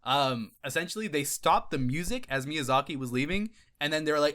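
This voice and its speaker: A man hosting a gaming video, giving casual commentary over a clip. He is excitable, swears freely, and laughs and restarts often. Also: on the high side, a little fast, hardly any pauses.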